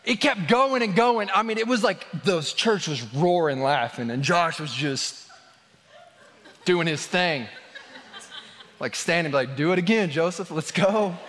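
A man's voice: on the high side, animated, a little slow, pauses often, fairly bright tone, long reverb tail. A man preaching a sermon as a pastor, telling a funny story with lots of laughter and filler words. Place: church.

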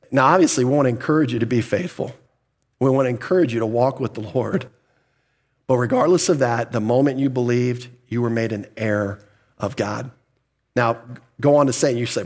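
A man's voice: mid-range voice, moderate pace. A man pastor preaching a sermon, putting questions to the congregation, answering them himself, and chuckling now and then.

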